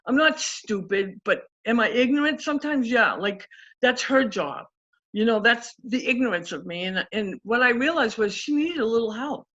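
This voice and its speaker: A woman with a fairly high voice tells stories in a casual interview and acts out the quotes with energy. The audio sounds a little dull and lo-fi. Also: moderate pace. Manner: animated, acts out quotes in story. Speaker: guest coach.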